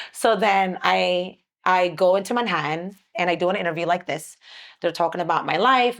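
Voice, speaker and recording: A woman guest on a podcast, telling a story in a casual, lively way and acting out what people said. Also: lowish voice, fairly quick. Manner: lively, acts out quoted dialogue.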